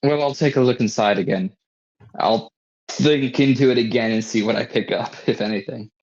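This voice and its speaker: A player in a tabletop role-playing game answers the game master in a measured, polite manner. The sound is muffled and lo-fi, and the voice sits at a middling pitch. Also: darkish tone.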